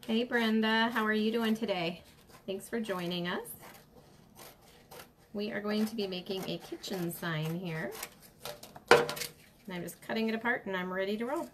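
A woman's voice: medium pitch, a little slow, long pauses, noisy background. Chatty woman crafting on a livestream. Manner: chatty, greets viewers by name mid-task. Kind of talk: casual how-to demonstration.

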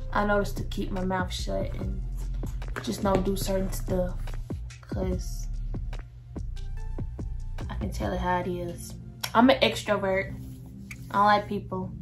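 A woman's voice: mid-range voice, fairly even intonation, measured pace, long pauses, a bit bright, soft background music. A young woman, chatting casually to her viewers in a get-to-know-me vlog. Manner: chatty, addresses viewers as "y'all". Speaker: vlogger.

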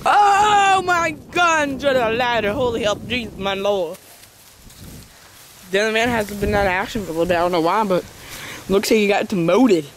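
A young man giving excited, laughing casual commentary on an amateur wrestling match, exclaiming and counting pins. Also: sits high, moderate pace. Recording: noisy amateur outdoor recording.

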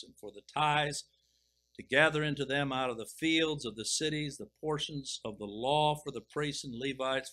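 A middle-aged man preaching, reading scripture slowly and deliberately, then commenting with emphatic swells. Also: medium pitch, bright, forceful tone, poor audio. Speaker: pastor. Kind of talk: expository sermon reading and explaining scripture.

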